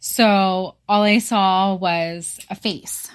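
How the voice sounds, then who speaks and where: A woman's voice: mid-range voice, drawn-out words, smooth. Laid-back woman on a podcast telling spooky stories, laughs, curses casually. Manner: relaxed, laughs and swears while telling stories. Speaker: podcast guest. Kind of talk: casual storytelling.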